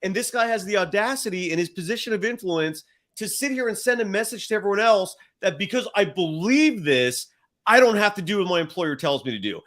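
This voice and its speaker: A male sports-talk host with a high voice that jumps around a lot. He argues bluntly and heatedly, often stumbling and restarting mid-sentence. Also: expressive, fairly quick, fairly bright tone. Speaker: podcast host.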